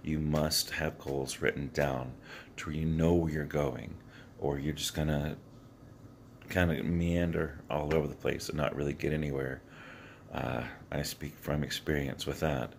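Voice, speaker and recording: A man with an extremely deep voice and a heavy gravelly fry talks to his phone camera, held close to his face. It is early and his voice is scratchy before any tea or water. He speaks earnestly and haltingly, with many fillers and restarts, over faint background noise. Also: fairly even intonation, darkish tone. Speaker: vlogger. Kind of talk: rambling motivational vlog to camera.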